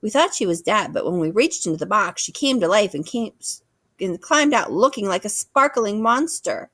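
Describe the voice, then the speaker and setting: A woman's voice: medium pitch, lively intonation, moderate pace, a bit bright, no echo, studio quality, voice pushed up. A woman voicing a chatty, friendly female otter who talks eagerly.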